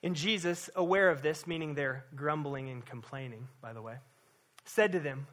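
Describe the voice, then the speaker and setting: A man pastor delivering a sermon at a church service, impassioned, swinging between hushed and loud emphasis and repeating words for weight. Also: on the high side, moderate pace.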